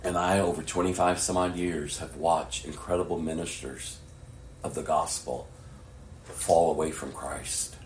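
A middle-aged man preaching a sermon, dropping to hushed whispers and rising to loud, impassioned appeals. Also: extremely low pitch, fairly even intonation, measured pace, slight background noise. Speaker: pastor. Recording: echoey room with faint ambience.

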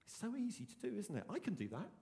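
A man's voice: sits high, wildly swooping pitch, fast, creaky, mellow, long reverb tail. A man, preaching a sermon in an earnest, emphatic way and repeating his key phrases. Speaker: pastor.

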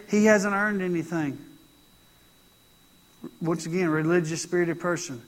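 Male pastor, high voice, conversational sermon with heavy repetition. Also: steady tone, normal speed. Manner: conversational preaching with emphatic repetition.

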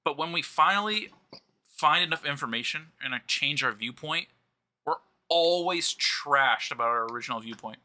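A man's voice: fairly high pitch, expressive, normal speed, sharp tone. A young man in a casual podcast chat, making reflective points and wry asides.

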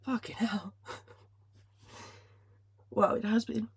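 Emotional woman, husky voice. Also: medium pitch, fairly even intonation, slow pace. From Finland. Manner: emotional, swears freely, many restarts. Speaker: podcast host. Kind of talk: casual solo podcast talk.

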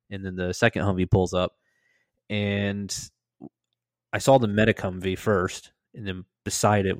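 A man casually telling a story on a podcast, laughing, swearing and acting out loud shouted quotes. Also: dry recording. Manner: animated, acts out quoted voices with loud high shouts.

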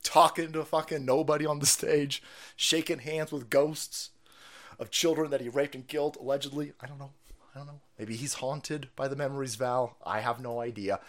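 A man hosting a stream, ranting profanely with sudden shouts and mocking put-on voices. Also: fairly high pitch, moderate pace. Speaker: streamer host. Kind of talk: profane political rant commentary.

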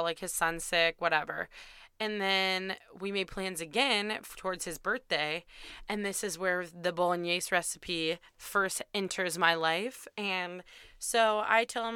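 A woman's voice: lowish voice, pushed and bright, clean tone, no echo, studio quality. A young woman host telling a candid, self-deprecating dating story in a chatty way, swearing freely. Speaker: podcast host.

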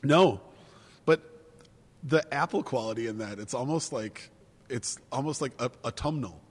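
A man's voice: medium pitch, normal speed, husky. Swearing, rambling man in a reverberant room. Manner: rambling, profane, laughs easily. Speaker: podcast co-host. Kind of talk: casual wine-tasting chat. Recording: long reverb.

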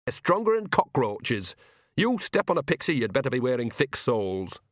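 A man's voice: mid-range voice, big pitch swings, moderate pace, no room sound, clean studio sound, natural voice. A man voicing an earthy, shameless old witch woman who talks in a blunt, bawdy, down-to-earth way, in an audiobook reading.

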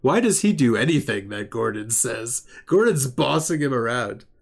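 A man hosting a casual film-discussion podcast, amused and halting, restarting his sentences often. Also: mid-range voice, animated, gravelly. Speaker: podcast host.

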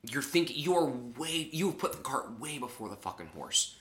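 A male podcast co-host in casual chat who talks with emphasis and swears freely. His pitch swoops up and down a lot, and his tone is bright and forceful. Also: big pitch swings, moderate pace. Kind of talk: casual chat recapping a reality show.

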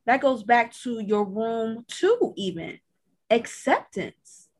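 Husky-voiced woman talking faith. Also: fairly high pitch, sing-song, slow pace. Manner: reflective, quotes scripture, laughs often. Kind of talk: faith-based casual chat.

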